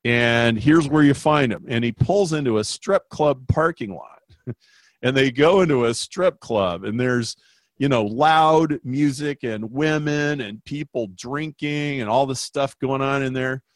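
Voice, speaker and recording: A man telling an anecdote in a lively, conversational way, acting out the voices of the people in it as a guest explaining marketing. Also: medium pitch, a little slow, no echo. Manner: animated, acts out quoted voices. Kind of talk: conversational storytelling.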